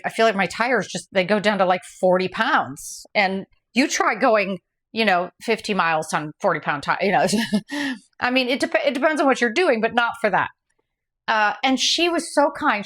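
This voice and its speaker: Woman vlogger, casual storyteller, rambling and self-correcting, mid-pitched. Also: fairly bright tone. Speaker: vlogger recounting her race.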